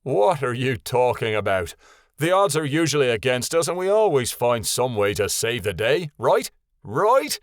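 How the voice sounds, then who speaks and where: A man voicing a stubborn, bold male fighter who rallies the group in a loud, rousing way. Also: mid-range voice, sing-song, normal speed, no echo, studio quality, natural voice.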